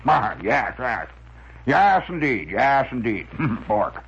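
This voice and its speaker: A man's voice: medium pitch, big pitch swings, slow pace, fairly bright tone, slightly rough, full character voice. A man putting on a harrumphing comic-strip windbag. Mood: blustering. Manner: blustering, barking harrumphs. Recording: dull lo-fi radio recording.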